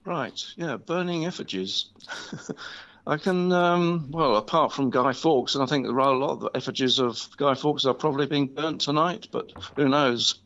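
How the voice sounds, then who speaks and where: A man calling in to a show, chatting hesitantly with frequent pauses and agreeing yeahs. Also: mid-range voice, a bit bright. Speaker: caller. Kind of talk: casual chat. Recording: dull lo-fi call line.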